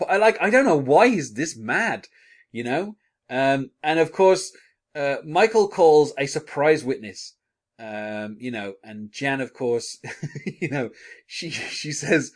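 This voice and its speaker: Chuckling often and filling pauses as he goes, a male podcast host talks excitedly about a TV episode in a casual discussion. His mid-range voice has lively intonation, and he keeps a measured pace.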